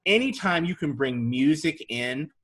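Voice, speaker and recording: Chatty husky man hosting a podcast. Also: on the high side, animated, unhurried, fairly bright tone. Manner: chatty and enthusiastic. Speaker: podcast co-host. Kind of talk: casual fan podcast chat.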